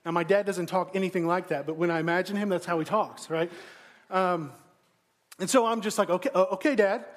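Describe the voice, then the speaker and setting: A man with a notably high-pitched voice preaches a sermon. His delivery is casual and conversational, and he pokes fun at himself. He often checks in with his listeners through direct questions. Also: steady tone, fairly quick. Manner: conversational, self-deprecating, asks the congregation questions. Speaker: pastor.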